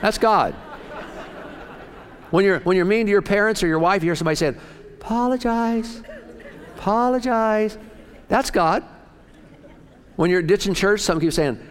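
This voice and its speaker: Excitable folksy male preacher in a hall. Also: slight background noise. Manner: folksy, excitable preaching with sudden rises in pitch and volume. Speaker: pastor. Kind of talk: sermon.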